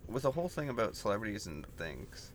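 A young man co-hosting a casual podcast, laid-back and laughing along, with lively intonation. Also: fairly low pitch, fast talker, a little hiss or hum. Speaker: podcast co-host. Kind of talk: casual chat.

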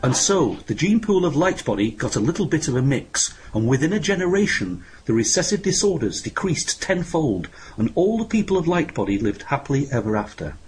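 A man's voice: on the high side, big pitch swings, brisk, few pauses, slight background noise. A man hosting and narrating a comic pantomime, with grumbling, sarcastic asides. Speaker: host and narrator. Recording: narration with music behind.

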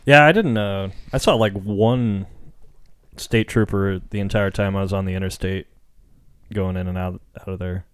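Laid-back low-voiced podcast guy. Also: steady tone, moderate pace, clear, resonant tone, no room sound. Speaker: podcast co-host. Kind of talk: casual chat.

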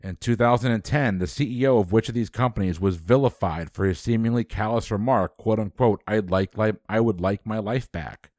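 A man hosting a trivia quiz, reading questions briskly and dropping dry quips. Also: fairly low pitch, a little mellow, no room sound.

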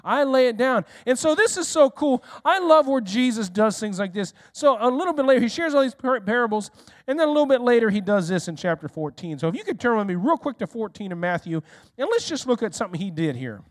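High, animated male pastor preaching. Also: quick pace, no room sound, studio quality. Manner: animated, keeps asking the congregation questions; speaks directly to listeners in the room. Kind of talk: sermon.

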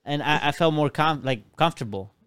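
A man's voice: fairly high pitch, a little fast, fairly bright tone, clear, resonant tone, dry recording, clean studio sound. A man with a Mexican accent co-hosting a podcast, rambling and laughing through tipsy banter. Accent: Mexican Spanish. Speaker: podcast co-host. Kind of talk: casual chat.

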